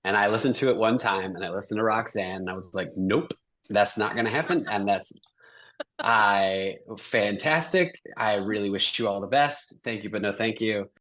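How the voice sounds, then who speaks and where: Male podcast co-host, lowish voice, self-deprecating storyteller. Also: normal speed, a bit bright. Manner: self-deprecating storyteller, acts out his own lines. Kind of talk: casual chat.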